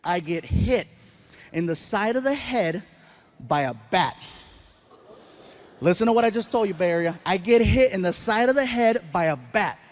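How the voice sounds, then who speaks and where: A man performing stand-up, telling an animated, self-deprecating story with quick asides. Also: high-pitched. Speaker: stand-up comedian.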